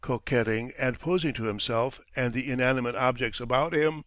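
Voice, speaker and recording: A man narrating an audiobook of a short story in a measured, expressive reading. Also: mid-range voice, dry recording.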